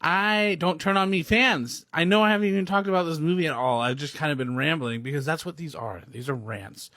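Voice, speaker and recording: A man's voice: on the high side, a little fast, dry recording, clean studio sound. A young man ranting casually about a movie, rambling and laughing as he talks. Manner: excitable, rambling, laughs often. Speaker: movie reviewer. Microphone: recorded on phone or camera, self-filmed.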